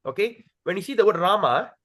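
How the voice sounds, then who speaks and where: Casting note: a male devotional teacher with a high, very expressive voice, who chants words slowly to demonstrate them. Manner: addresses listeners directly, checks with "okay?". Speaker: teacher leading a scripture study.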